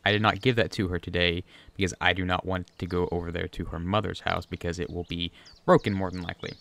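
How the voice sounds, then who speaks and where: A man's voice: deep voice, flat delivery, quick pace, gravelly, a bit bright. A man chatting casually and rambling through gameplay commentary at his home desk, talking to the fish on screen. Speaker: gaming video creator. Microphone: USB desk microphone.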